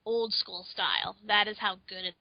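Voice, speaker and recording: Woman, animated podcast co-host, playful, dry dull recording. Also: medium pitch, moderate pace, no echo. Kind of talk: casual podcast chat.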